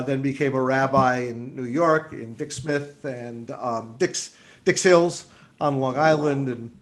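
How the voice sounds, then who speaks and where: A man telling a story gently to a group over a video call. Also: a little high, a little hiss or hum.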